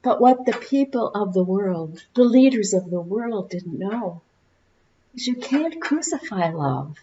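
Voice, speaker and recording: A woman minister giving an Easter sermon, telling stories with slow, deliberate phrasing and dramatic pauses, in a church. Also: medium pitch, expressive, dark tone, lo-fi sound. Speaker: guest minister. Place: church sanctuary.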